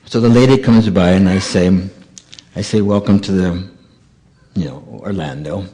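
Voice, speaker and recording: A man's voice: sits low, normal speed. A man telling stories in a sermon, acting out the voices of the people in them. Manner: animated storyteller acting out dialogue. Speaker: monk giving a talk. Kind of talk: storytelling sermon.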